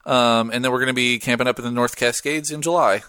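A man's voice: medium pitch, fairly even intonation, fast talker, bright, forceful tone, smooth, no echo. A young man hosting a podcast in casual, slangy chat, laid-back and wandering off on tangents. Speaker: podcast host.

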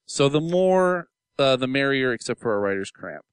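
Lively, playful male podcast host. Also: medium pitch, moderate pace, clear, resonant tone, dry recording. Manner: playful, jokey, animated. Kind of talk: casual podcast chat.

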